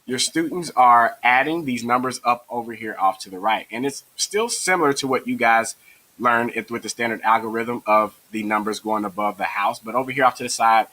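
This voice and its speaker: A man's voice: medium pitch, bright, forceful tone, low-quality recording. A man who teaches math, explaining a division method step by step in an encouraging way. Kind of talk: tutorial lesson.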